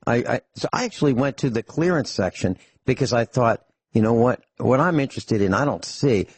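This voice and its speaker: A middle-aged man chats on a talk radio show, his voice slightly husky and close to a dry studio mic. He rambles through stories with many restarts and slips in dry jokes. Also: mid-range voice, animated, fairly quick, no room sound. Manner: rambling storyteller, frequent restarts, dry humor. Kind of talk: casual radio chat.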